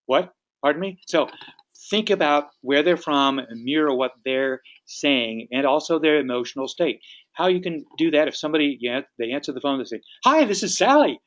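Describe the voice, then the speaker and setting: Male sales trainer, instructive, mid-pitched, dull lo-fi recording. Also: normal speed. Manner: instructive, acts out sample phone calls. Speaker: real estate sales trainer. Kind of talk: training talk.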